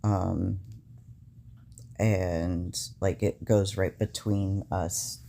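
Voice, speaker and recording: Young man, low gravelly voice, slow, halting storytelling, lots of fillers. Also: little pitch movement, warm tone, slight background noise. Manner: halting, many fillers, recounting a stressful event. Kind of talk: casual personal storytelling.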